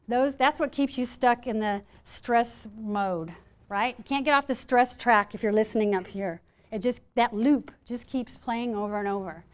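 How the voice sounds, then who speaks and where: A woman with a slightly high, clean voice gives a live talk on stress resilience to a room full of listeners. She's lively and playful, slipping into little acted-out inner voices to drive her points home.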